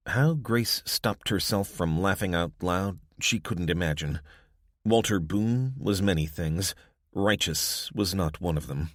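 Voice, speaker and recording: A man giving measured scripted narration of an audiobook on a studio mic. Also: low voice, fairly bright tone, no room sound.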